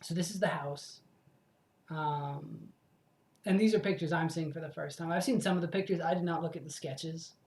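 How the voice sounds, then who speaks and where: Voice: mid-range voice, normal speed, a little mellow, echoey room. A let's play host in casual commentary, rambling, swearing freely and correcting themself as they go.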